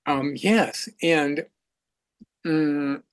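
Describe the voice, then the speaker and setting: A man's voice: a little high, fairly even intonation, extremely slow. An older man speaking as a radio guest in an earnest faith conversation, chuckling now and then.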